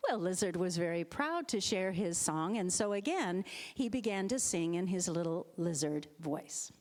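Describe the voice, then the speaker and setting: Woman storyteller, lively kids' tale in a church, long hall echo. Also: fairly low pitch, moderate pace. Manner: animated, expressive storytelling. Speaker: storyteller, board president. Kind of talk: children's story narration. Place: church sanctuary.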